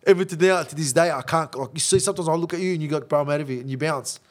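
A man's voice: fairly high pitch, rapid-fire. A man telling blunt, profane stories in a casual interview chat. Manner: blunt, profane, calls listener bro. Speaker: interview guest.

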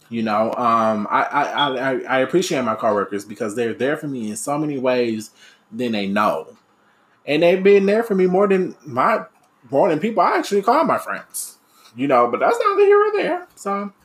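An aspiring radio DJ and podcaster, this young man speaks with a fairly high, somewhat bright voice. He rambles candidly through a personal, reflective monologue packed with fillers and false starts.

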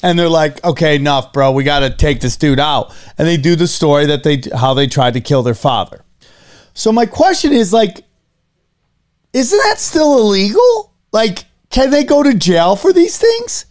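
A man's voice: on the high side, very animated, normal speed. A man in casual chat, asking rambling questions full of fillers.

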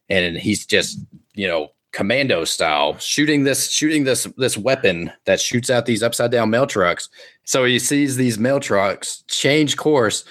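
Lowish male game master, rambling comic narration. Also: a bit bright. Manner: rambling, amused, restarts.

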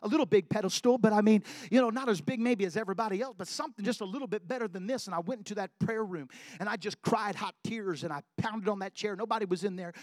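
A man preaching a personal testimony, telling his story and building to loud, emphatic preaching. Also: sits high, fast talker, few pauses, no echo, clean studio sound. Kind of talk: sermon testimony.

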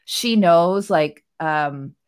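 A woman co-hosting a casual chat, thoughtful and pausing to find her words. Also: on the low side, smooth.

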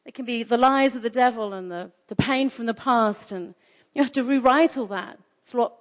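A woman preaching a sermon in an energetic, conversational way, repeating phrases for emphasis. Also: a little high, normal speed.

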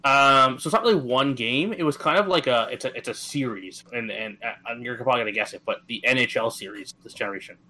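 A man in his thirties from Atlantic Canada co-hosts a casual gaming podcast. His voice has a bright, forward tone at a middle pitch. He talks in an easygoing way, with lots of fillers and restarts. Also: fast, few pauses, rough recording. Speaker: podcast co-host.

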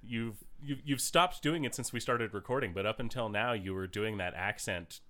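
A man's voice: on the low side, normal speed, a bit bright. A man co-hosting a podcast, joking dryly in casual chat and reading out film facts. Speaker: podcast co-host.

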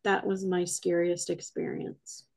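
Gravelly-voiced woman telling ghost stories. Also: fairly low pitch, a little slow. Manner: rambling, animated retelling with quoted dialogue. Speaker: guest, paranormal investigator. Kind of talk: casual podcast storytelling.

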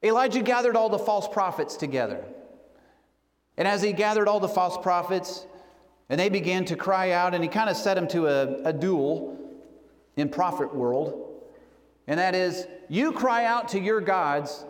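A man preaching a sermon, telling a story earnestly and slowing down for emphasis. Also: high voice, expressive. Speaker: pastor. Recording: long hall reverb.

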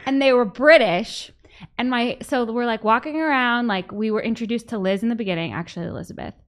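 Woman hosting a podcast, kinda high voice, giggly chatty storyteller. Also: fairly quick. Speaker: podcast host. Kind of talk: casual chat.

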